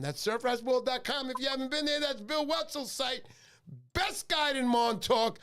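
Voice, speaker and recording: A man hosting a fishing livestream, chatting in an animated, joking, rambling way. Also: very high voice, normal speed, clear, resonant tone. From New York. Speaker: livestream fishing show host. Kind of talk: casual livestream chat.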